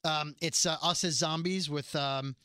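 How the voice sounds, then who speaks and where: A man with a bright, forceful voice hosts a casual podcast from a radio studio. He tells stories in a lively, chatty way, pitched slightly high for a man. The sound is close and dry. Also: unhurried, clear, resonant tone, no room sound. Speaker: radio morning-show host, podcast host.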